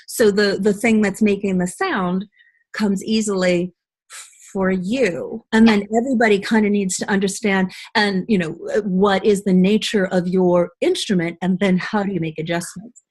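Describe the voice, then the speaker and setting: Woman host and voiceover coach, mid-pitched, chatty, quick to laugh, rushes her stories. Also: fairly even intonation, a little mellow. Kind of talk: casual webinar Q&A.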